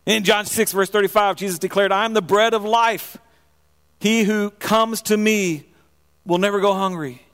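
A man preaching a sermon in a church, often repeating words and restarting, moving between quiet and emphatic passages. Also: high-pitched, steady tone, moderate pace, clear, resonant tone. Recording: long reverb of a hall.

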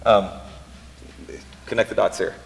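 A pastor preaching a casual sermon, often pausing and repeating words as he thinks aloud. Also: lowish voice, fairly even intonation, vocal fry. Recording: long reverb in a hall.

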